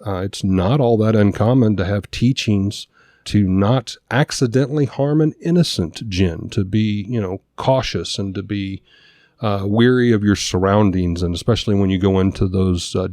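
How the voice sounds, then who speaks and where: Man, podcast co-host, casual discussion, reads notes aloud, warm tone, dry sound. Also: on the low side, normal speed, no echo. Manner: reads notes aloud, stumbles over names.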